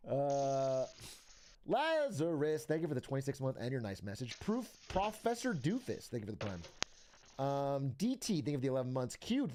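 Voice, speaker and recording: A man's voice: medium pitch, dark tone, a little hiss or hum. A young man streaming, chatting casually with viewers in a rambling, profane way and laughing often. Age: young adult.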